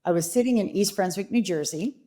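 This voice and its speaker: A middle-aged woman, a company chief, telling animated stories about her career in an interview. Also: mid-range voice, fairly quick. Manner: animated anecdotes, quoting her father. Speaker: guest, company CEO. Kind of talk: interview storytelling.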